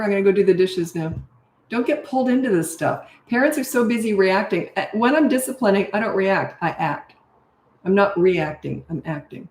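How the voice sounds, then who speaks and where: This time her voice is medium in pitch, a little mellow, at a moderate pace. The middle-aged parenting coach answers viewer comments live, blunt and direct, with frequent "okay?" or "right?" tags, and the space sounds echoey.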